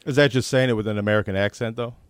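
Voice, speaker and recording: A man co-hosting a radio show, chiming in with deadpan, offbeat questions. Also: on the low side, racing, clean tone, no echo, studio quality. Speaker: show co-host. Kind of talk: casual studio banter.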